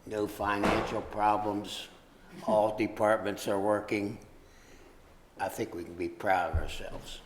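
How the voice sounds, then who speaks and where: A man's voice: lowish voice, flat delivery, measured pace, a little hiss or hum. A man on a planning commission making short, plain remarks at a meeting. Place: meeting hall. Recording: roomy hall, distant mic.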